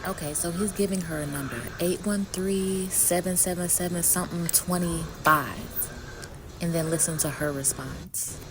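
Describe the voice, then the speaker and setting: Low-voiced woman, blunt commentator. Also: moderate pace, noisy background. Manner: blunt, exasperated, asks pointed questions. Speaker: true crime commentator. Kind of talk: casual commentary.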